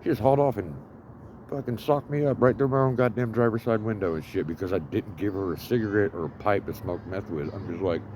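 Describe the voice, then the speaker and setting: A man's voice: lowish voice, brisk, a little mellow, slight background noise. A man telling a rambling story full of swearing and fillers, outdoors in an urban setting. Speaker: vlogger living homeless.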